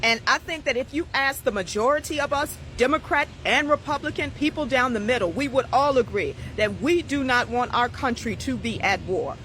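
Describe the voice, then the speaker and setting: Woman, political vlog commentary, firm and measured, bright tone, faint noise. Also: sits high, expressive.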